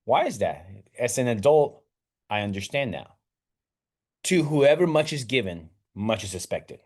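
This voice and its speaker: A man's voice: mid-range voice, expressive, a little slow, darkish tone. A man hosting a casual talk, retelling a parable in a rambling way with many restarts. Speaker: host.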